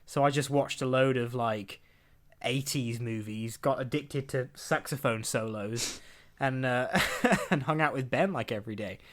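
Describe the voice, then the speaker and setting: A man's voice: medium pitch, unhurried, fairly bright tone. A young man hosting a podcast, rambling through entertainment news with lots of laughs and acted-out quotes. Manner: rambling, chatty, laughs often, acts out quotes. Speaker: podcast host. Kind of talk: casual chat, reading entertainment news.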